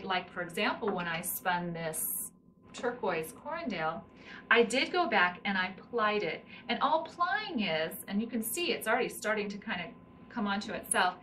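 In a bright, forceful, mid-range voice, a middle-aged woman instructs on hand spinning, narrating each step while her hands demonstrate it. Room noise is faint, and the mic is a bit far away.

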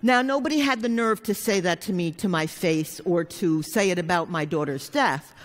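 Speaking at a normal pace in a lowish voice, a woman therapist recounts something from her own life before a live audience. The talk is frank and down-to-earth with some swearing, captured with long reverb in a conference hall.

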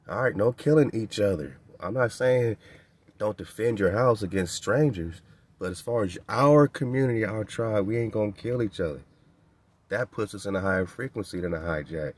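A man's voice: lowish voice, lively intonation, brisk, slightly rough. A man hosting a radio show, giving a preaching-style spiritual monologue in loose street slang, emphatic and repetitive, often ending phrases with "man". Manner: loose street slang, chuckles between points.

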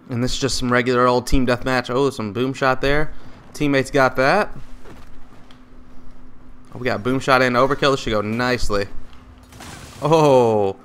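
Excitable, foul-mouthed gaming commentator, male. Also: medium pitch, clear, resonant tone. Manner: excitable, profane trash talk; loose, rambling, jokey. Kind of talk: live gameplay commentary.

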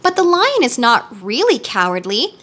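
A woman voicing an eager, earnest young girl in a storybook reading, asking excited questions. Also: a little high, moderate pace, slightly rough, exaggerated voice.

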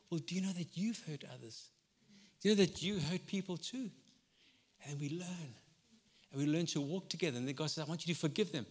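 A man preaching a sermon as pastor in a conversational way, swinging between loud and soft passages. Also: high-pitched, fairly quick. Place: church hall. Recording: long hall reverb.

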